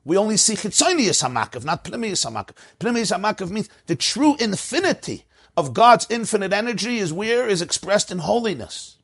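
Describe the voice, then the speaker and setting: A man teaching a Torah class with a husky voice, swinging his pitch widely between low storytelling and high, emphatic points. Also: big pitch swings, a little fast, a bit bright.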